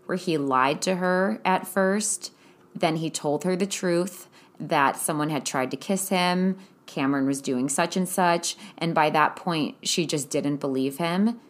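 A young woman with a notably low-pitched voice delivers a casual, profanity-laced recap of a TV episode. Her tone is blunt and exasperated, like someone venting straight to her viewers. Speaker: recap host.

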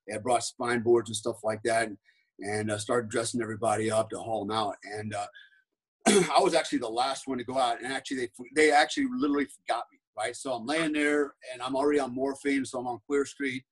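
A man's voice: medium pitch, fairly even intonation, brisk, breathy edge, poor audio. A man, a podcast guest and former special forces soldier, telling a rambling story in casual talk, peppered with "right?" and "man".

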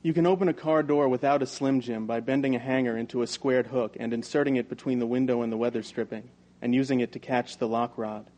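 A man reading a first-person novel aloud in an even, measured storytelling manner. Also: mid-range voice. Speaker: audiobook narrator.

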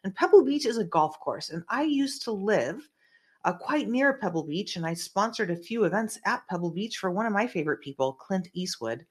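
A woman's voice: mid-range voice, lively intonation, moderate pace, slightly rough. A woman hosting a casual commentary show in a small room, rambling in a conspiratorial way with many fillers. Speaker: host.

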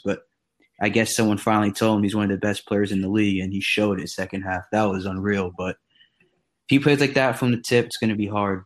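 A man joining a casual sports chat, talking in a relaxed, conversational way. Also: fairly low pitch. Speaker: podcast guest.

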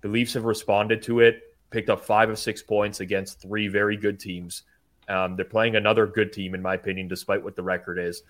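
A man hosting a sports betting show, giving measured, stat-heavy analysis with stammered starts. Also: fairly low pitch, little pitch movement, a bit bright.

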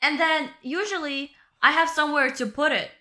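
Young woman, podcast co-host, high and bright, casual storyteller with a lot of "bro". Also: moderate pace. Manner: storytelling, swears, says "bro" and "right?". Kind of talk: casual chat.

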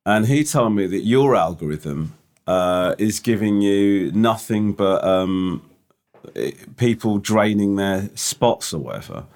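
A man's voice: lowish voice, animated, takes it slowly, a little mellow. A man co-hosting a podcast in casual chat, dry and teasing with a sarcastic edge. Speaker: podcast co-host.

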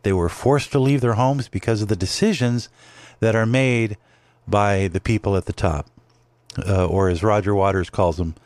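A man's voice: on the low side, normal speed, a little mellow, dry recording. A man hosting a podcast, giving a rambling, opinionated commentary monologue with many fillers and restarts. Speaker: podcast host. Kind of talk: casual political commentary monologue.

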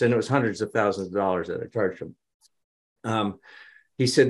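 Animated man telling business stories. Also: on the low side, fairly quick. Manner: animated, dramatizes quotes. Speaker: business consultant guest. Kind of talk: conversational storytelling.

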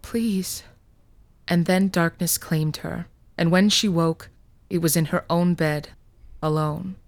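A woman narrating a fairy tale podcast in a slow, measured, hushed manner. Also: on the low side, steady tone, gravelly, dry recording. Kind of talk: scripted fiction narration.

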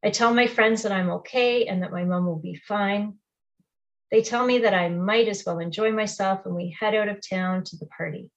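Woman quietly telling a personal memoir. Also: medium pitch, fairly even intonation, moderate pace, highs cut off. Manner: quiet, reflective, present-tense narration. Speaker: storyteller. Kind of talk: first-person memoir storytelling.

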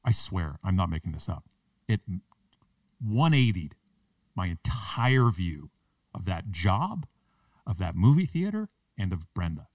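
A man with a fairly low voice tells a story on a podcast, landing his self-mocking jokes with punchy timing. He sounds a little distant from the microphone. The recording is dry, with no room echo. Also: very animated, a little slow, pauses often. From Canada. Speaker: podcast guest, public speaker. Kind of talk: animated storytelling in a podcast interview.

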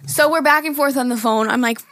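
A woman's voice: high voice, fast, a bit bright, dry recording, studio quality. A young woman co-hosting a podcast, telling a funny family story in casual chat and reading text messages aloud between laughs. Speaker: podcast co-host.

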